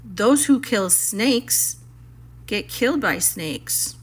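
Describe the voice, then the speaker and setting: A woman voicing a timid, weepy male muskrat in a storybook read-aloud, with a high, whimpering, pleading voice. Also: normal speed, bright, forceful tone, close to an everyday voice. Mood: fearful pleading.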